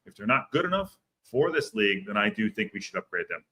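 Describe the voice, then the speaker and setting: A man with a bright, forceful voice runs a loose football livestream. He rambles, repeats phrases and reads out viewer comments as they come in. His tone stays energetic and direct. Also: on the low side, fast. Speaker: podcast host. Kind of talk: casual livestream football chat.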